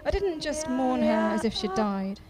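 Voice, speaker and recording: A woman's voice: a little high, lively intonation, normal speed, loud music behind the voice. A woman performing her spoken-word poetry live on a festival stage, rhythmic and repeating phrases. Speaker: poet performing her work. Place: festival stage before an audience.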